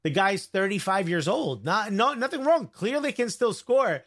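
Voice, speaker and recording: A man co-hosting a casual sports talk show, joking and giving quick opinions. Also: sits high, expressive, fairly bright tone. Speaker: co-host.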